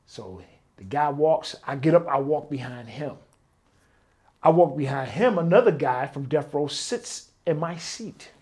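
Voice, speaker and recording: A former bodyguard from Detroit, US, appears as an interview guest, telling stories in a casual interview. He's animated and acts out quoted dialogue, his voice on the high side and a little slow.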